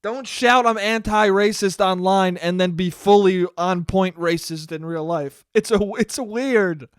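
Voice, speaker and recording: High-voiced man, animated and profane. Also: measured pace, clear, resonant tone, no room sound, clean studio sound. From American suburbs. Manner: animated storytelling, heavy swearing, frequent laughing asides. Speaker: podcast host. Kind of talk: casual solo podcast monologue.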